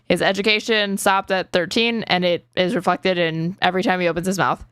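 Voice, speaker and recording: A woman's voice: lowish voice, fairly even intonation, a little fast, fairly bright tone, clear, resonant tone, no echo. A woman hosting a reaction stream, ranting in an exasperated, profane way as she comments. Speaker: streamer host.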